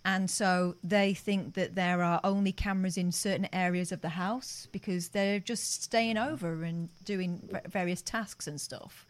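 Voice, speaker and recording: A woman co-hosting a radio show, chatting casually and laughing easily. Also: fairly low pitch.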